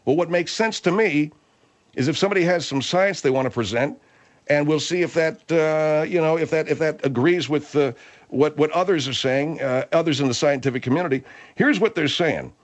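A man hosting a rambling comedy talk, reading news aloud haltingly and exasperated. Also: fairly high pitch. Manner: halting, stumbling reader, exasperated.

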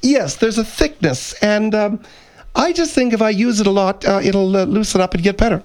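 A man voicing a cranky, bossy woman with laryngitis, husky and hoarse, who talks in a demanding, snappish way. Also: sits high, moderate pace, darkish tone, voice pushed up, natural voice. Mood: hoarse, irritable. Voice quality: husky, thick voice. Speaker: radio show co-host. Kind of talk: comedy radio character.

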